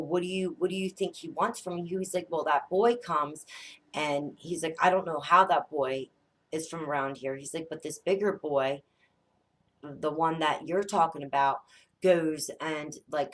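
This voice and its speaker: A woman in her thirties, a mother telling a spooky family story in a casual, animated way, swearing often and acting out the dialogue. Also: low voice, moderate pace. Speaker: psychic vlogger, mother.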